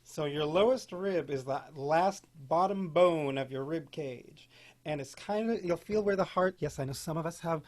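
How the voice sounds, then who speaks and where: A man teaching an online beginning singing class, guiding breathing and posture and demonstrating vocal warm-ups in a playful, encouraging way. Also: fairly high pitch, normal speed. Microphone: home video call mic. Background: keyboard accompaniment.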